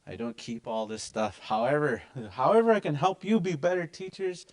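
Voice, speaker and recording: A man's voice: on the high side, normal speed, a little mellow. A man teaching a language class with lots of energy and emphasis.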